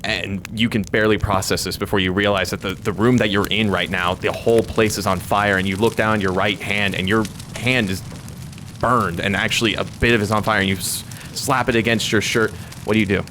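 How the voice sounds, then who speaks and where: A man's voice: fairly low pitch, steady tone, a little fast, noisy background. A man acting as game master, narrating a tabletop game in dramatic, vivid second-person storytelling. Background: background music.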